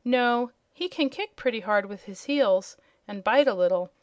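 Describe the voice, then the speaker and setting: A woman's voice: fairly high pitch, lively intonation, normal speed, no room sound, natural voice. A woman voicing a curious, brave little girl in a children's storybook reading. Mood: eager.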